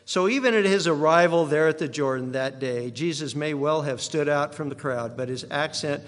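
A man's voice: fairly high pitch, a bit bright. Man preaching in a reverberant hall. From Iowa, USA. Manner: conversational, digressive teaching. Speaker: pastor. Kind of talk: sermon.

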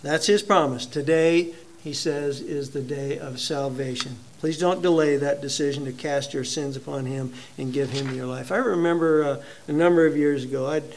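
Pastor guy giving a sermon, kinda high voice, talks loose and halting, lots of uh's. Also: steady tone, slight background noise. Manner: conversational and halting, telling a personal story.

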